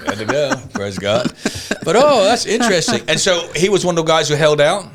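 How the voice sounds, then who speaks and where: A man's voice: a little high, brisk, noisy background. Laughing Australian man telling stories. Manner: animated storyteller who laughs often. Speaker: podcast host. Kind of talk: casual chat, anecdote telling.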